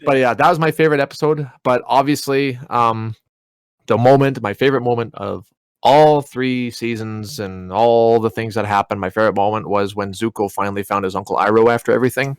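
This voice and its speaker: A man co-hosting a podcast in casual chat, animated and swearing often as he retells scenes. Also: medium pitch, a little fast, clear, resonant tone, no echo. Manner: animated, swears a lot, acts out characters' lines. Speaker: podcast co-host.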